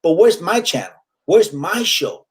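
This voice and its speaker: A man, chatting casually as a comedian guest in an interview. His voice sits a bit high, and he flips freely between Spanish and English while acting out the people he quotes. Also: big pitch swings, a little slow. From Puerto Rico.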